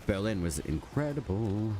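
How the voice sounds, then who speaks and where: A man's voice: fairly low pitch, normal speed. A man streaming a game, chatting casually with his viewers and rambling with lots of "like" fillers. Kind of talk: casual live-stream chat while gaming. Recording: steady background noise.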